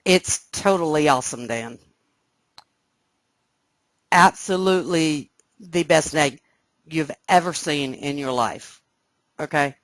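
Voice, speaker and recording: A woman teaching a live trading webcast, explaining step by step and often checking that listeners follow, sounding excited. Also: low voice, unhurried, dry recording. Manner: excited, animated. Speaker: trading instructor. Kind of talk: live trading room lesson.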